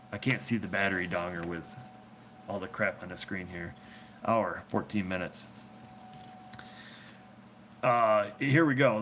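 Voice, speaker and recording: A man's voice: medium pitch, a bit bright, a little hiss or hum. A man hosting a casual live chat, answering viewer questions in a rambling, joking way and laughing often, recorded on a phone.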